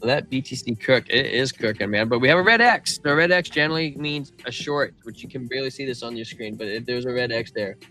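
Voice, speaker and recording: A man's voice: mid-range voice, a little fast, hardly any pauses, bright, forceful tone, soft background music. A man hosting a live crypto stream, talking through price charts and reading viewers' chat in a casual, slangy way. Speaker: crypto livestream host.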